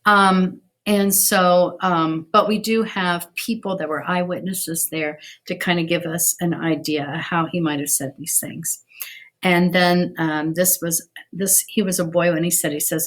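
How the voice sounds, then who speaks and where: A woman's voice: on the low side, steady tone, measured pace, fairly bright tone. A middle-aged woman giving a casual video history lesson, chatty, with many ums and restarts. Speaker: teacher.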